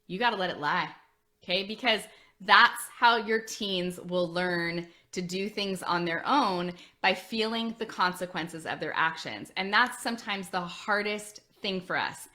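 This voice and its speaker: A woman in her forties, an admissions coach, giving chatty, animated advice to parents. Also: on the low side, measured pace. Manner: chatty, animated, addresses listeners as friends.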